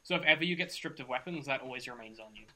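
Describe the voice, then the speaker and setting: A male game master narrating a tabletop session in a loose, rambling way, full of fillers. He talks quickly with a bright, forward tone. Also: mid-range voice, slight background noise, rough recording.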